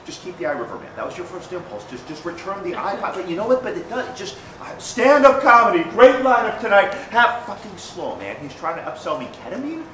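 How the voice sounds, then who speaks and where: A man performing a stand-up storytelling monologue on stage, animated and self-mocking, often repeating phrases. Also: a little high, fast, few pauses. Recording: roomy stage sound, mic at a distance.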